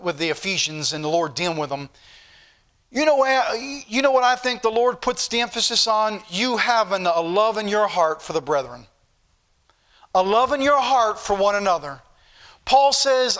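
A male preacher with a Southern US accent, reading scripture slowly and preaching with emphatic repetition to a church congregation. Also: high voice, expressive, fairly bright tone. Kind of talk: sermon.

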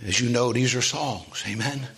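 A man preaching a sermon to a congregation, asking for amens and building from steady talk to loud, high, drawn-out preaching. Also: vocal fry, husky.

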